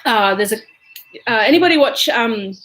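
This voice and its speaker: A woman's voice: on the high side, expressive, normal speed, a bit bright, a little hiss or hum, poor audio. A woman with an Australian accent, chatting casually and rambling through her makeup routine at home, with plenty of "um" and "like". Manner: chatty and rambling, lots of fillers. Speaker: beauty vlogger.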